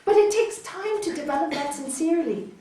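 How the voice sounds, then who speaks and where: A woman's voice: very high voice, fairly quick, background noise. A woman teaching raja yoga to an audience, telling stories and acting out quoted voices, often checking in with a questioning "hmm?". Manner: animated storyteller, acts out quoted voices, frequent "hmm?" to listeners. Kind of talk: spiritual talk to an audience. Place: hall. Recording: echoey hall, voice from a distance.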